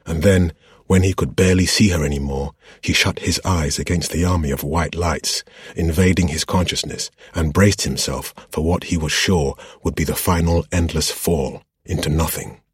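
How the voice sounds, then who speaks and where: A man narrating a fantasy novel as an audiobook in a steady, measured way. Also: a bass voice, breathy edge, no room sound.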